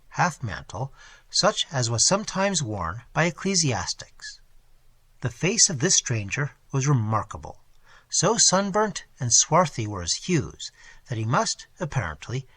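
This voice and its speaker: A man narrating a classic novel as an audiobook, reading in an expressive, dramatic way. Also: mid-range voice, slightly rough, dry recording.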